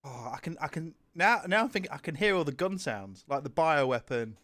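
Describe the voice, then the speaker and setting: A man's voice: on the high side, big pitch swings, fairly quick, fairly bright tone, dry recording, clean studio sound. A young British man co-hosting a casual podcast chat, telling rambling stories with fillers and swearing. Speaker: podcast co-host.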